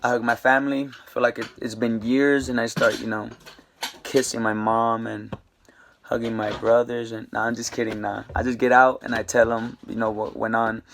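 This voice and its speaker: A man's voice: mid-range voice, little pitch movement, normal speed, gravelly, a bit bright, slight background noise. Young man telling a rambling story. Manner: rambling, slangy, lots of fillers. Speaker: vlogger. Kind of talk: casual storytime.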